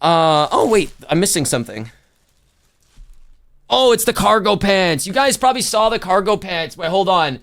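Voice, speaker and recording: High-voiced rambling male streamer. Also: very animated, moderate pace, a bit bright. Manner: rambling, slangy, self-correcting. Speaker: livestreamer. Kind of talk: casual chat to a stream chat.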